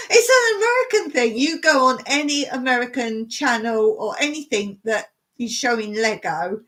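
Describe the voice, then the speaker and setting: A woman's voice: a little high, a bit bright. A woman chatting casually on a live stream, laughing as she rants about her pet peeves. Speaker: vlogger hosting a live stream.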